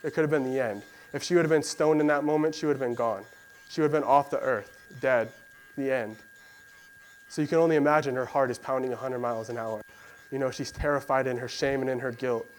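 A man's voice: mid-range voice, fairly even intonation, brisk, rough recording. Conversational male preacher, faint hum. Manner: conversational storytelling with fillers, acts out voices of biblical figures. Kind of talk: sermon.

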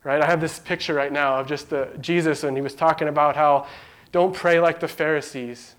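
A man's voice: fairly high pitch, steady tone, brisk. Earnest man preaching, holding back tears. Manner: earnest, conversational, emotional. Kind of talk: sermon.

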